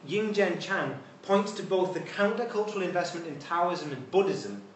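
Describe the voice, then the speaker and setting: A man's voice: high-pitched, animated, normal speed, a little hiss or hum. A man giving an informal university lecture with wry, conversational asides. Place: lecture hall. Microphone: distant room mic. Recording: echoey hall from far off.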